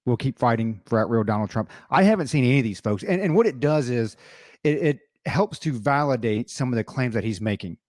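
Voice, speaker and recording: A male podcast co-host talks politics in a steady, measured way, reading out posts and hedging his points. His middle-pitched voice sounds dry and close to the mic. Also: no room sound. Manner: measured, reads out tweets, hedging asides. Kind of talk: casual political podcast talk.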